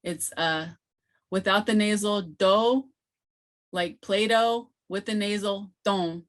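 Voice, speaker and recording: A woman leading an online training session as a language teacher trainer, explaining sounds patiently and slowly, with many fillers, heard through a computer mic on a video call. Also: mid-range voice, fairly bright tone.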